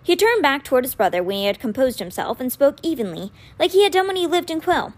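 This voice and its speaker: A woman reads a children's novel aloud, recapping and then narrating chapter by chapter. Her voice is fairly high and very lively in pitch, with an expressive storyteller's delivery. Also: fast talker, hardly any pauses. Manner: expressive, animated.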